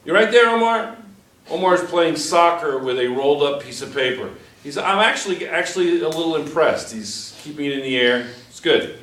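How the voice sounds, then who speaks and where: A man's voice: on the high side, expressive, moderate pace, fairly bright tone, far from the mic, a little hiss or hum. A man teaching a physics class, joking and teasing his students as he works through problems. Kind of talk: classroom lesson. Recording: echoey classroom.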